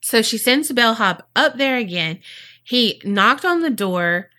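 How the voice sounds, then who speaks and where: Woman, bright voice, casual true-crime podcast host, chatty, swears, does funny voices. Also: fairly high pitch, lively intonation, measured pace. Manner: chatty and profane, acts out quotes in funny voices.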